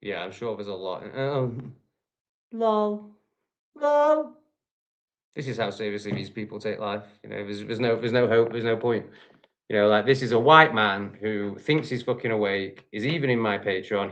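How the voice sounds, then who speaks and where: An English man hosting a livestream rants angrily, repeating himself and swearing heavily. His voice is fairly low, a bit bright and animated, at a moderate pace.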